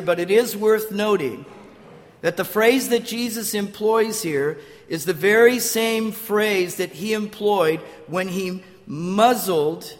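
Older man, pastor, sermon, high voice, storytelling, long hall reverb. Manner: storytelling with restarts, acts out quotes.

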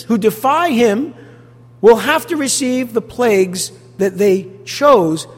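A man preaching a sermon as pastor, animated and full of rhetorical questions to the congregation. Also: sits high, breathy edge, long reverb tail.

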